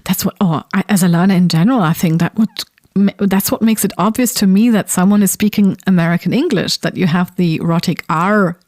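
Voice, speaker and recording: A woman's voice: lowish voice, a little fast, a little mellow, dry recording, clean studio sound. A woman whose first language is German, co-hosting a linguistics podcast in thoughtful casual conversation, hedging with fillers and restarts.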